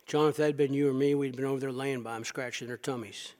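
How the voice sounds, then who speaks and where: A man's voice: medium pitch, steady tone, quick pace, a little mellow, long reverb tail. A man preaching a sermon, retelling a scripture story with emphatic asides to his listeners. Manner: emphatic storytelling, talks directly to the congregation.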